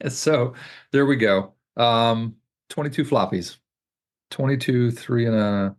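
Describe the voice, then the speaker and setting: A man's voice: mid-range voice, takes it slowly. A man in his forties, a regular podcast guest, joking and teasing playfully. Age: 40s. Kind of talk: casual podcast chat.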